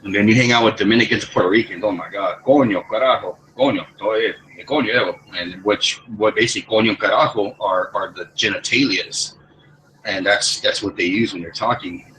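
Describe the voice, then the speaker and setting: A man's voice: lowish voice, steady tone, brisk, sharp tone, a little hiss or hum, poor audio. A man in casual group chat, rambling and cursing, with many restarts. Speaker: lobby chat participant.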